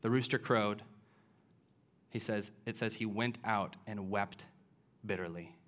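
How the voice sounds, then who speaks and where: A man's voice: fairly low pitch, fairly even intonation, a little slow, a bit bright. A man preaching a sermon, retelling scripture as a story and building to impassioned emphasis.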